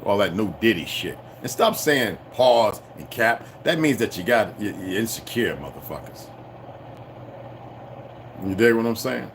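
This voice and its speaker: A man in an unscripted rant to his audience, cursing freely and challenging anyone who disagrees. His delivery lurches from raised, almost shouted bursts down to quiet asides under his breath. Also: fairly low pitch, big pitch swings, unhurried, slight background noise. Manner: profane, confrontational, swings from shouting to muttering. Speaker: channel host.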